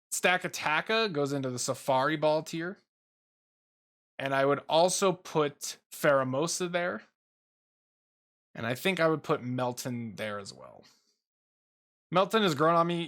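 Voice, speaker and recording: A young man casually rambling through a tier list ranking, swearing freely and filling pauses with ums and uhs. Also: fairly high pitch, pushed and bright. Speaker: YouTuber ranking Pokemon. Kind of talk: casual commentary while making a tier list.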